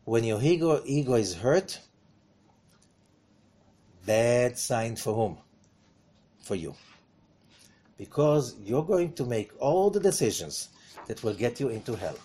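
A man giving a Torah lesson in an animated way, asking rhetorical questions and swinging between loud emphasis and hushed remarks. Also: mid-range voice, slow pace, pauses often, slight background noise.

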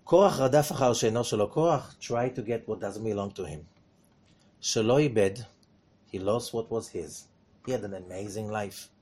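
A man with a fairly low voice talks fast through an animated Torah lesson, asking rhetorical questions and swinging between loud emphasis and quiet remarks.

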